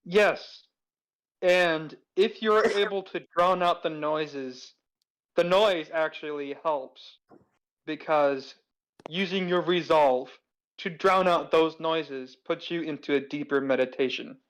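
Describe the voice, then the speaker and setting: A man playing a tabletop game, speaking in a calm, measured and formal way as his character. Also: fairly high pitch, low-quality recording. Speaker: player. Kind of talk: in-character tabletop role-play.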